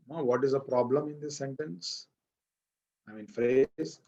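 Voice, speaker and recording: Recorded with a muffled sound, this is a grammar lecture from a man with an Indian English accent who keeps restating points and asking his class questions. His mid-range voice is dark in tone and his delivery is unhurried.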